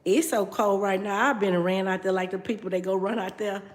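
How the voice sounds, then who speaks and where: A woman's voice: medium pitch, steady tone, a little fast, roomy sound. A middle-aged woman, chatting casually with her livestream viewers while she cooks. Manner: chatty, talks straight to viewers, reads out comments. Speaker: livestream host. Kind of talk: casual live chat while cooking. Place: home kitchen.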